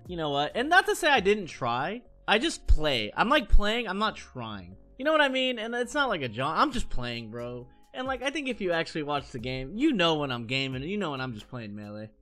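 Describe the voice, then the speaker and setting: Soft music plays behind a thirties-aged man ranting angrily on his stream in casual chat. His slightly high voice has a sharp tone and swings hugely in pitch, and his fast, profane rambling is full of restarts.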